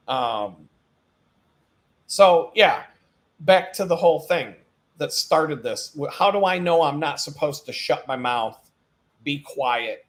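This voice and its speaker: A man hosting his own live stream in an animated, profane ranting monologue, laughing at his own jokes as he goes. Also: fairly high pitch.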